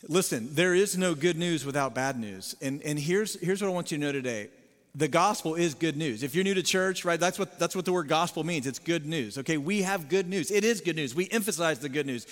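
Preaching man in a reverberant hall. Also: fairly quick. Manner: emphatic preaching, rising loud then dropping low and sober. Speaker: pastor. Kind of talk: sermon.

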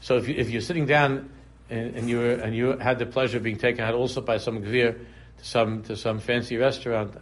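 Man, husky voice, mid pitch, casual religious class, repeats himself, humorous digressions. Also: steady tone, brisk, few pauses. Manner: conversational, repeats phrases, digresses into humorous examples. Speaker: Torah teacher.

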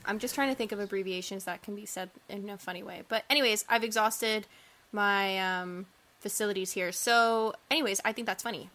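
A woman's voice: mid-range voice, a little fast. A young woman co-hosting a casual chat, telling stories in an exaggerated, giggly way. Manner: animated, exaggerated storytelling, giggly. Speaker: podcast co-host.

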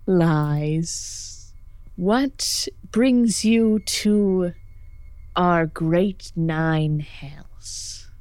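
A woman voicing a sly, slow-spoken demon lord in a tabletop game, drawn out and half whispered. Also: on the low side, a little mellow, smooth, no room sound. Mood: snide.

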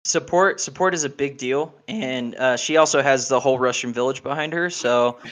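A man talks as a guest in a relaxed conversation, his mid-pitched voice working through his thoughts in halting starts. He repeats words and pauses with fillers as he goes. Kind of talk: casual chat.

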